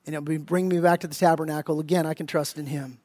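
A middle-aged man preaching a sermon as pastor, telling a family story with animated, acted-out voices. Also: on the high side, fast, big-room sound. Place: church sanctuary.

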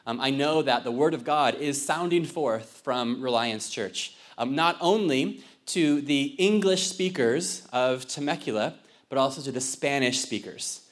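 A man's voice: mid-range voice, lively intonation, measured pace. A young man from Ireland giving a casual sermon in a church as a visiting missionary pastor, conversational and joking, with many fillers. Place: church sanctuary.

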